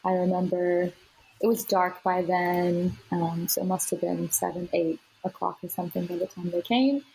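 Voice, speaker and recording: A woman's voice: on the low side, steady tone, normal speed, creaky, warm tone, slightly rough, rough recording. A woman guest on a podcast, telling her birth story in a casual, chatty way with plenty of fillers and laughs.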